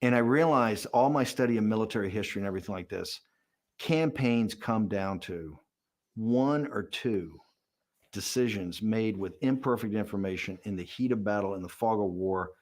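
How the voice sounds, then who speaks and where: A man being interviewed, telling a behind-the-scenes story in an animated way, with lots of restarts and repeated words. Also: lowish voice. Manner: rapid, animated storyteller, acting out quotes and chuckling. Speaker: interviewee, political strategist.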